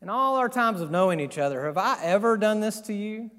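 A man doing a pleading, high talking donkey. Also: lively intonation, brisk, fairly bright tone, big-room sound. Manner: plaintive, exasperated questions. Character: stubborn put-upon talking donkey, pleading.

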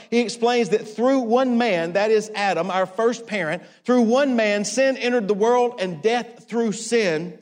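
A man preaching a sermon, emphatic and repetitive, swinging from hushed to raised. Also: high voice, in a large hall. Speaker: pastor.

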